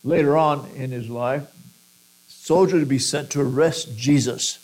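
A man's voice: medium pitch, measured pace, a little mellow, poor audio. A man preaching a sermon who acts out quoted voices and sometimes repeats words.

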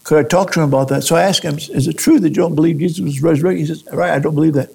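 A male preacher with a high-pitched voice and a gravelly edge. He delivers a sermon in a searching way, firing off rhetorical questions and often stopping to restart a phrase. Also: steady tone, rapid-fire, mellow. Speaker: pastor.

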